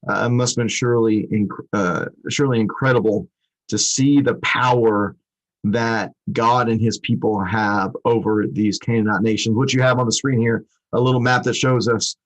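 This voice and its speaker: A man's voice: lowish voice, rough recording. A man co-hosting a Bible study show, explaining a passage in a rambling, conversational way with many restarts.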